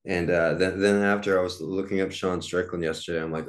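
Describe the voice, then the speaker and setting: Forties guy doing a solo podcast, real low voice, rambly, lots of uhs and restarts. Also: steady tone, a little fast. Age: 40s. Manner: rambling, with many fillers and restarts. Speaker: podcast host. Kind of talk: casual solo podcast monologue.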